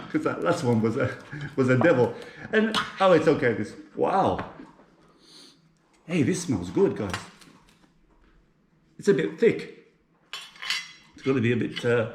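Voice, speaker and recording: This casual cooking vlog features an Englishman talking to viewers as food sizzles on the hob in his home kitchen. His voice is a little high and darkish in tone, the space is reverberant, and there's a slight hiss or hum.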